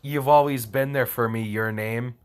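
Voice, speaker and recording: A man's voice: medium pitch, fairly even intonation, moderate pace, smooth, close to an everyday voice. A man voicing an upset young woman character in a plain reading voice, without putting on her accent, as he reads a fan story aloud. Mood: grateful.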